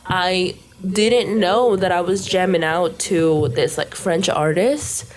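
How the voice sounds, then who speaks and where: A woman's voice: fairly low pitch, slow pace. A young woman co-hosting a podcast, chatting in a playful, blunt way and laughing often. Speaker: podcast co-host. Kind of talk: casual podcast chat.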